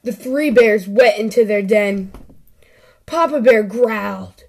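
A woman hosting a children's story show, reading a story aloud in a deliberate storytelling manner. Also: mid-range voice, gravelly. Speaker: host.

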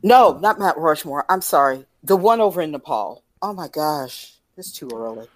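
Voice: mid-range voice, expressive, moderate pace, no echo. A co-host chatting casually on a live stream, telling a story and losing track of words.

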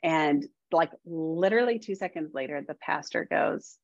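A woman's voice: low voice, moderate pace, creaky, no echo. A woman guest talking casually on a podcast, rambling and filling her speech with "like". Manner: rambling, heavy use of "like". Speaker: guest, developing medium. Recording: dull lo-fi sound.

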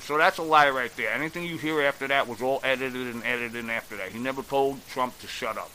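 A man's voice: medium pitch, fast, hardly any pauses, pushed and bright, a little hiss or hum, poor audio. A man delivering a blunt, exasperated opinion rant on a vlog, swearing freely as he goes. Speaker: political commentator.

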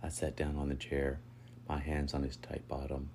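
A man reading a first-person story aloud in a steady, unhurried way. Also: a bass voice, slight background noise. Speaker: narrator.

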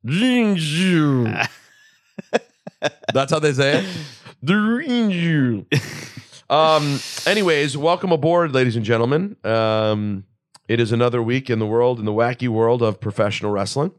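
Guy hosting a chatty podcast, mid-pitched, teasing his buddies, dry sound. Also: no room sound. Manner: joking, excitable, quick to tease. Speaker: podcast host. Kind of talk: casual chat. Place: podcast studio.

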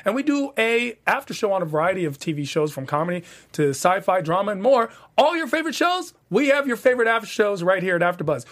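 A man hosting a TV after-show panel in casual chat, switching into animated, theatrical delivery for his sign-off pitches. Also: quick pace, hardly any pauses. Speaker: podcast panel host.

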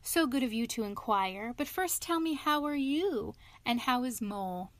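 A woman's voice: on the high side, expressive, normal speed, no room sound, voice pushed up, close to an everyday voice. A woman reading a storybook, voicing a sly male toad who feigns illness in a feeble, languid, self-pitying way. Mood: feeble, martyred. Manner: languid, feeble, sighing, dramatic.

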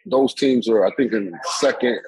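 A man's voice: medium pitch, normal speed, darkish tone, slight background noise, poor audio. A man giving opinionated football analysis on a sports talk show, rambling with many fillers and restarts.

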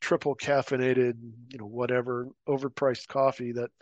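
A man's voice: medium pitch, moderate pace, dry recording, muffled recording. A middle-aged man, a former paramilitary officer, telling war stories casually as a podcast guest and acting out the voices of people he quotes. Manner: animated anecdotes, acting out quoted voices, laughing. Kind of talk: casual storytelling interview.

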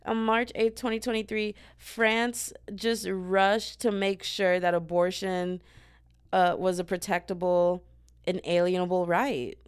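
A young woman from the States, hosting a podcast as a sassy, chatty comedic monologue with sudden loud outbursts. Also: fairly low pitch, little pitch movement, a little slow, clean tone. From Southern United States. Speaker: podcast host.

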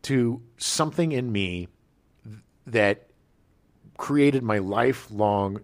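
A man's voice: medium pitch, slow. A man in his forties co-hosting a podcast, chatting casually and enthusiastically about a movie, rambling with restarts. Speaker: podcast co-host. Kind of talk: casual movie review chat.

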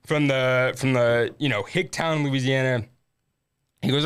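A man's voice: medium pitch, fairly even intonation, unhurried, smooth. A young man, a podcast guest, telling a crude comedic story and laughing through it. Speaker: podcast guest, former Paralympic athlete.

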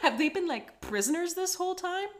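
A woman's voice: extremely high pitch, animated, fairly quick, slight background noise. A young woman co-hosting a podcast in casual chat, irreverent and swearing freely. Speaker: podcast co-host.

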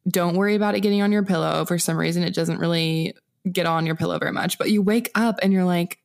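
A young woman in her twenties co-hosting a casual podcast. Her voice sits a little low, and she chats in a playful, friendly way, handing out tips. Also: fairly even intonation, fast talker, vocal fry. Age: 20s. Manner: chatty, playful, gives advice. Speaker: podcast co-host. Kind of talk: casual chat.

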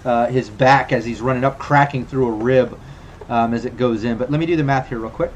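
A man's voice: medium pitch, a little fast, lo-fi sound, slight background noise. A man acting as game master, narrating and ruling on a tabletop game in a loose, rambling way. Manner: loose, rambling, lots of fillers.

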